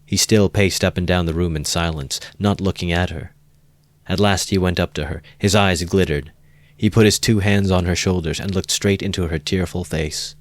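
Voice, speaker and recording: A man calmly narrating a novel as an amateur audiobook reader, in a measured way close to the mic. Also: sits low, dry recording.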